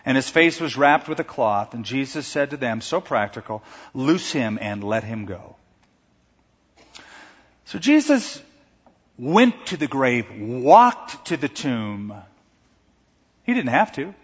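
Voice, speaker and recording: Man, pastor preaching, husky voice, lively pitch, dull recording with long hall reverb. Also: measured pace. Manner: animated preaching, shouting quoted lines. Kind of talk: sermon.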